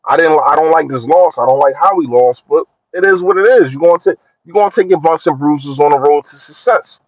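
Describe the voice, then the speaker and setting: A young man chatting casually on a sports live stream, slangy and shouting out his viewers. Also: fairly quick, no echo. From Philadelphia. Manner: slangy, shouts out viewers, lively swings in pitch. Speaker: sports vlogger. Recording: dry, dull lo-fi phone audio.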